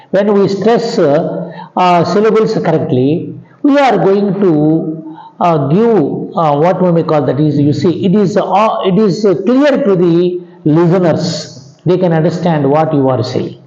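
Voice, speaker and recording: Male Indian-accented grammar teacher, high voice, dull lo-fi echoey recording. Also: lively intonation, mellow. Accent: Indian English. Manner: halting, many uhs, keeps asking "understand?". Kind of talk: classroom lecture. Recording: echoey dull lo-fi room sound.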